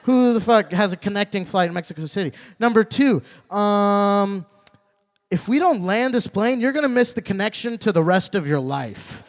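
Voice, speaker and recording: A young man performing a stand-up set at an open mic, repeating his punchlines and working up to loud, indignant rants. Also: high voice, expressive, moderate pace. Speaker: stand-up comedian. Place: open mic comedy night venue.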